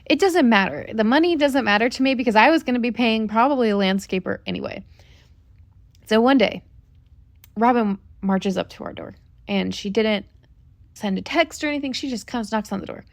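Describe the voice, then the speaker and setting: A woman's voice: a little high, normal speed, no room sound. A woman co-hosting a family podcast, telling a personal story in an earnest, reflective way. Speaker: podcast co-host. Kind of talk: casual storytelling chat.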